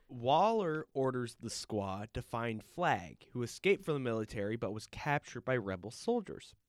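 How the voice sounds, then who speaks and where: A man chatting casually as a podcast co-host about a movie, halting and restarting often. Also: medium pitch, sing-song, no echo, clean studio sound. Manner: halting, with many restarts and laughs.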